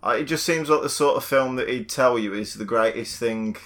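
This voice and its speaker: A man's voice: medium pitch, a little fast, fairly bright tone. A man co-hosting a podcast, making dry, wry jokes in casual chat. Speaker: podcast co-host.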